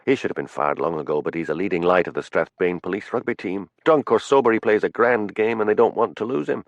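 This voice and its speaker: A man's voice: sits low, quick pace, no echo, lo-fi sound. A man voicing a matter-of-fact police detective explaining things over the phone.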